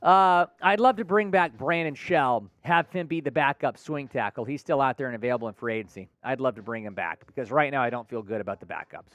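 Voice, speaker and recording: A man's voice: mid-range voice, fast talker, few pauses, a bit bright, dry recording, soft background music. A man hosting a live sports talk stream, answering viewers' chat comments by name in an upbeat, conversational way. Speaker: sports show host.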